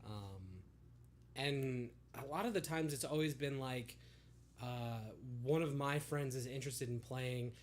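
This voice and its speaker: With a medium-pitched voice and a measured pace, this young podcast co-host keeps things loose, cursing liberally and breaking into laughter often during the casual chat.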